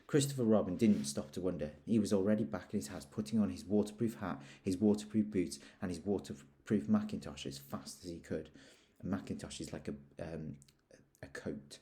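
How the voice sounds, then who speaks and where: A man reading a children's story aloud, gently pausing to ask the listener questions. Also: deep voice.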